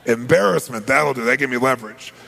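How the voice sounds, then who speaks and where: In a large seminar hall, a motivational speaker tells stories with energy, acting out dialogue and asking the audience questions. His mid-range voice is fast, creaky, pushed, and bright, with a long reverb tail.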